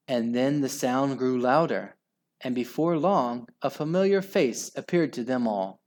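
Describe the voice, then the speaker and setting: A man reading a children's book aloud with slow, expressive storytelling. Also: mid-range voice. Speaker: storybook reader.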